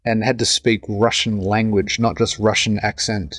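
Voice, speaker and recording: A man's voice: on the low side, flat delivery, normal speed, fairly bright tone, no echo. A man in his thirties with an Australian accent, an actor talking in a casual, rambling podcast interview. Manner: chatty, rambling with many restarts. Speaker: actor guest.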